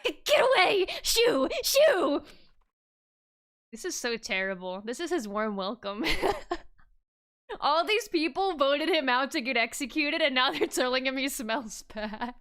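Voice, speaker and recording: A woman's voice: high-pitched, lively intonation, measured pace, sharp tone, clear, resonant tone. A woman streaming a game in casual commentary, playful and laughing often as she reads lines aloud. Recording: faint music in the background.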